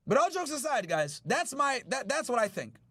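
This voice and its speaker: A brash male podcast host riffs to his live chat in a raised, high-pitched voice. His voice sits dry and close, with no room sound around it, and he swears freely while he reacts to the news. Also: big pitch swings, normal speed, fairly bright tone, no room sound. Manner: brash, profane, talks to chat.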